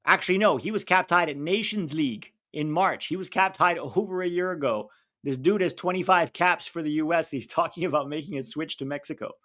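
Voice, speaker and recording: A man's voice: a little high, a little fast, pushed and bright. A man hosting a live football watch-along stream, chatting casually, rattling off lists and laughing as he answers viewers.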